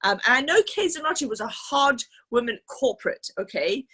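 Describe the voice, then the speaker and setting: A woman's voice: on the high side, big pitch swings, normal speed, bright, forceful tone, breathy edge. A woman leading a team training session, talking in a chatty, enthusiastic way with lots of fillers. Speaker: team leader. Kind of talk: casual training talk.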